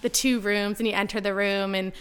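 A young woman, a podcast guest, telling stories in casual chat, full of "like" and quick laughs. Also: medium pitch, smooth. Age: young adult. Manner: animated, heavy use of "like", laughs while telling stories.

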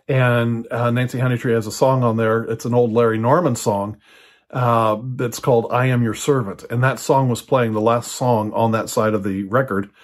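A man's voice: mid-range voice, steady tone, moderate pace. An older man preaching, telling a personal story in a conversational way with frequent fillers and restarts. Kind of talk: personal teaching talk.

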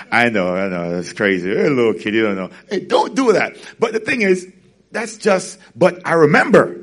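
A man, a pastor, preaching a sermon with animated storytelling and frequent laughter. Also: medium pitch, moderate pace.

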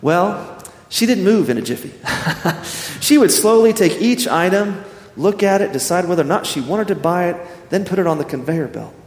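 Pastor sermon, a man with a fairly high voice, storytelling, echoing church hall. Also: normal speed. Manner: storytelling, animated quoting of himself. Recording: echoey hall.

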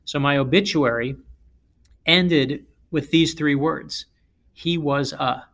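A man who is an author, from South Florida, telling stories in an interview in an emphatic, animated way. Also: fairly high pitch, slow pace. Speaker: author and guest speaker. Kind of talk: interview storytelling.

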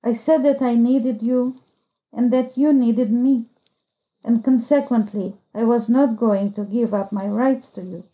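A woman's voice: fairly high pitch, fairly even intonation, unhurried, highs cut off, close to an everyday voice. A woman voicing a stern older man who talks brusquely. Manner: brusque, curt. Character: stern gruff older male master.

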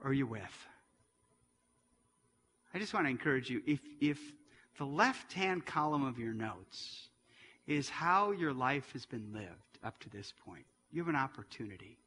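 A man in his forties preaching a sermon as pastor, earnest and rising to near-shouts at emotional moments. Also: medium pitch, expressive, measured pace, husky, long reverb tail. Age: 40s.

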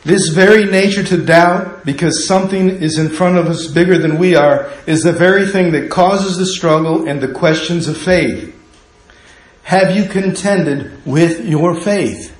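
A man's voice: high voice, unhurried. A man preaching a sermon as pastor, impassioned and full of rhetorical questions. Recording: very echoey room.

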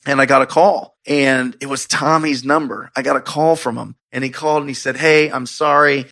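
Gravelly, bright-toned expressive man storyteller. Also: mid-range voice, moderate pace. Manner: expressive, acts out his own excited reactions. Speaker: real estate investor telling his story. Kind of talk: casual storytelling.

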